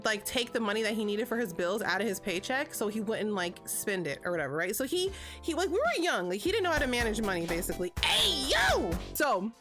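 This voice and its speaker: A woman's voice: on the high side, sing-song, brisk, music in the background. A woman in her thirties telling a story on a livestream, chatty and profane, with a constant "like" between phrases. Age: 30s. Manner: chatty, profane, heavy filler "like". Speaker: vlogger. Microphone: streaming setup.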